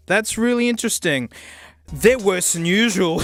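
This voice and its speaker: An excitable, sarcastic man reviewing a gadget in a casual vlog, often laughing and exclaiming. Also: very high-pitched, normal speed, faint music behind.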